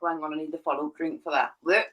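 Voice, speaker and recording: Woman, husky bright voice, lively storybook reading and jokey banter. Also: low-pitched, quick pace, dull audio. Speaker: livestream participant. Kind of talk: casual chat and picture book reading. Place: home, livestream.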